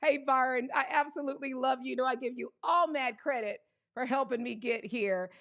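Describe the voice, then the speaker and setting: Hosting a live stream, a woman greets viewers by name with exuberant whoops, laughter, and shouted shout-outs. Her voice sits high, and she talks a little fast.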